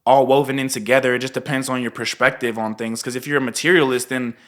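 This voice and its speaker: Bright, lively male guest voice; casual talk in a small room. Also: mid-range voice, quick pace. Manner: animated, slips into mock voices. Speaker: podcast guest, astrologer. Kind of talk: casual conversation. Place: small untreated room with echoing walls.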